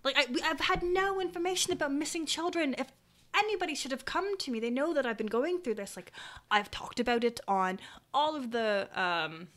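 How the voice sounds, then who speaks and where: Brief: woman game master, rambling and halting, slightly high voice, video-call audio. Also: a bit bright. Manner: rambling, full of likes and ums. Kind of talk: playing a grieving townswoman in a tabletop game.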